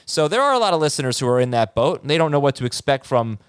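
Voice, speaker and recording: A man hosting a sports podcast, talking in an upbeat, chatty way with quick asides. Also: medium pitch, big pitch swings, clear, resonant tone, no room sound. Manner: upbeat, talkative, fast asides. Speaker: podcast host. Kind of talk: casual sports podcast chat.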